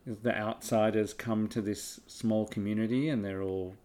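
A man's voice: lowish voice, fairly even intonation, a little slow, warm tone. Chatty man co-hosting. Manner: chatty, stammers, acts out quotes. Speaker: podcast co-host. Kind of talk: casual chat.

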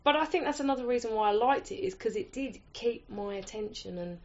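A woman's voice: a little high, a little fast, a little mellow. A woman chatting casually as co-host, chatty and eager to agree. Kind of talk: casual chat. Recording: muffled lo-fi recording.

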